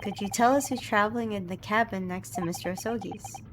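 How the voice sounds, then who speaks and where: A polite young defense lawyer asks careful questions in an earnest tone, voiced plainly by a woman. His delivery is courteous and steady. Background noise runs beneath. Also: medium pitch, a little fast, close to an everyday voice.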